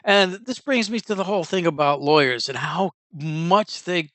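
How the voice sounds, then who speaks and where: A man's voice: fairly high pitch, expressive, moderate pace, fairly bright tone, no echo. A man hosting a casual news commentary podcast, rambling with many fillers and restarts, in a Northern US accent. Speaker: podcast host.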